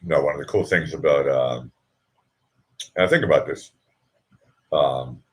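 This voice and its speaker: Speaking at a measured pace in an extremely low voice, a middle-aged man hosts a relaxed live stream. He rambles and breaks off mid-thought while chatting with viewers, often chuckling at his own humor.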